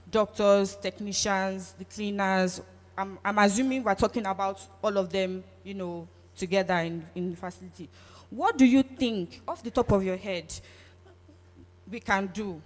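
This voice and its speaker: A woman with a Nigerian English accent hosts a live session, playful and teasing as she draws in the audience. Her voice carries a long reverb from a large hall. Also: medium pitch. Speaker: event host. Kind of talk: lively audience engagement. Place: event hall.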